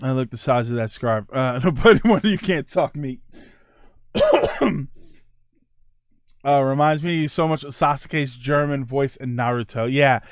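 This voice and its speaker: A man's voice: mid-range voice, lively intonation, unhurried, no echo, clean studio sound. A man in his forties hosting a casual livestream chat, rambling and enthusiastic, laughing often. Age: 40s. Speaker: streamer and host.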